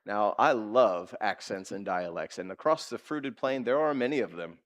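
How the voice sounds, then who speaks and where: A male pastor preaching a sermon in a lively, conversational way, asking his listeners direct questions and acting out quotes. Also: lowish voice, moderate pace. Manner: animated preaching, acts out quotes.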